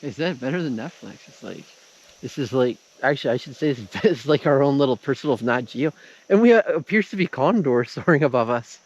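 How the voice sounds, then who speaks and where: A man chatting in a relaxed, playful way as a travel vlogger, recorded outdoors on an action camera. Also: medium pitch, fairly quick, muffled recording. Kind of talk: casual chat. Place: outdoors in a rural mountain garden.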